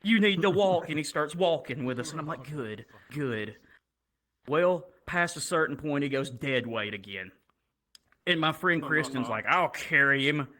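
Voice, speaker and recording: High-voiced profane stand-up comic man. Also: moderate pace. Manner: profane, animated, acts out characters. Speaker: stand-up comedian. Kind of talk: stand-up storytelling. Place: comedy club stage with live audience. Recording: loud crowd noise. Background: audience laughter.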